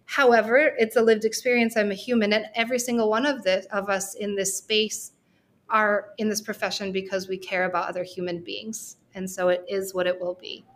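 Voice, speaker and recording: Woman, podcast guest, mid pitch; candid, heartfelt, chatty storyteller. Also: flat delivery, brisk. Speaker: guest, social work researcher. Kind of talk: personal storytelling in a podcast interview.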